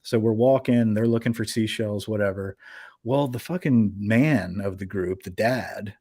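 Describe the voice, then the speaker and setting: A young man hosting a podcast, telling a story in a loose, animated way, full of fillers and swearing. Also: lowish voice, unhurried, husky, no room sound, clean studio sound. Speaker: podcast host. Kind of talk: casual storytelling.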